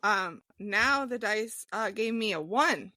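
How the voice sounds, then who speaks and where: A woman co-hosting a casual sports podcast, speaking in a slow, deliberate way. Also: medium pitch, lively intonation, bright, forceful tone. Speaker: podcast co-host.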